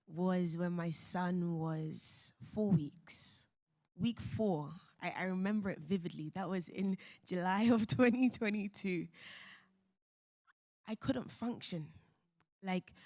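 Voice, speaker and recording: Animated woman telling her story. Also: medium pitch. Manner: animated, acts out quoted voices, laughs often. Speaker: panel speaker. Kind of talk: candid personal storytelling.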